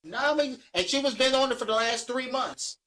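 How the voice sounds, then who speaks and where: A man's voice: extremely high pitch, normal speed, pushed and bright, poor audio. A man with a Philadelphia accent co-hosting a podcast, ranting heatedly with lots of profanity and repetition. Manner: heated, profane, repeats himself while ranting. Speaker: podcast co-host. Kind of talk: casual chat.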